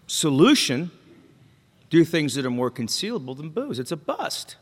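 Very animated and speaking at normal speed, a Mexican-American man gives his testimony at a recovery meeting. His voice is fairly high and slightly rough, and he is candid, cracking jokes and questioning the crowd, all in a long reverberant hall.

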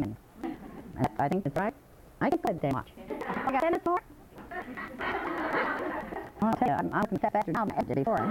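A woman's voice: on the low side, background noise. An older woman giving a rambling, folksy personal testimony at a recovery meeting.

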